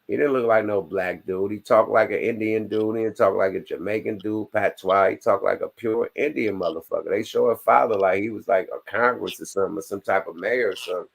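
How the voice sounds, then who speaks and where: A man's voice: on the low side, fairly quick, vocal fry, hardly any pauses. A man hosting a casual podcast chat, talking bluntly with plenty of profanity and laughing asides. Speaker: podcast host.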